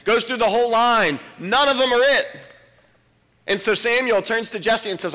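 A male pastor preaching a sermon, emphatic, slowing down to dwell on quoted scripture. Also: high-pitched, pushed and bright, big-room sound. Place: church sanctuary.

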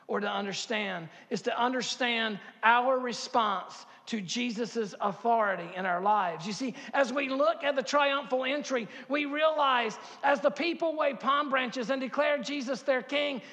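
Fifties male pastor, high-pitched and fervent, sanctuary with long reverb. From Harkers Island, North Carolina. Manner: builds to loud impassioned preaching, repeats words, asks the crowd questions. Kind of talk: sermon. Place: church sanctuary.

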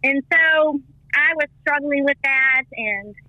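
A middle-aged woman who was once a missionary and teacher tells her personal faith story in an interview, a lively storyteller who acts out the voices she quotes with big pitch jumps. She speaks slowly, and the recording is dry and dull.

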